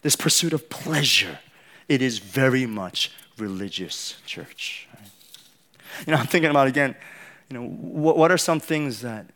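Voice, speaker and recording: A man's voice: mid-range voice, expressive, unhurried, fairly bright tone. A male pastor giving a conversational sermon, often checking in with the congregation by asking "right?" and saying "you know".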